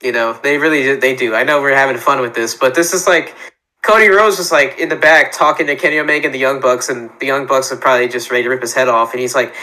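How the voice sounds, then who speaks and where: A man's voice: mid-range voice, fast talker, sharp tone, rough recording. A man co-hosting a wrestling podcast, chatting casually and joking, often acting out mock dialogue. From Florida. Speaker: podcast co-host. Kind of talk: casual chat.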